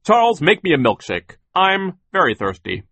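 Brief: man voicing a gruff, bossy mill boss in a storybook reading, raised husky voice. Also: sits high, huge pitch swings, moderate pace, sharp tone, no room sound, pitched above the performer's own voice, exaggerated voice. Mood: grumpy. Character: grumpy demanding male mill owner.

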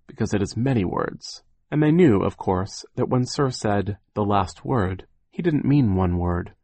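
A man's voice: lowish voice, a little mellow, no room sound. A man narrating an audiobook in a wry, mournful storytelling manner.

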